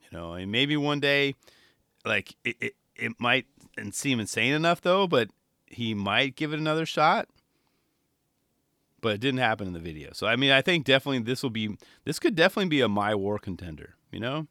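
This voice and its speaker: Lively, bright-voiced man hosting a podcast. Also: mid-range voice, brisk, no room sound, studio quality. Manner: enthusiastic, rambling, animated with quoted voices. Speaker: podcast host. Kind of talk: casual solo podcast talk.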